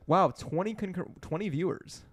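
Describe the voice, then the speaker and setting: Animated young male podcast guest. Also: high voice, normal speed, soft background music. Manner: animated, laughs often, rambling. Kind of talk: casual livestream chat.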